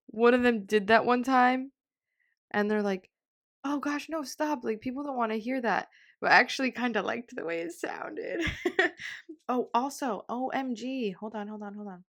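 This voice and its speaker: A woman's voice: on the high side, fairly bright tone. Bubbly rambling young woman. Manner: rambling, bubbly, lots of fillers and laughs; emotional, on the verge of tears. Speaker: podcast host. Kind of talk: casual solo chat.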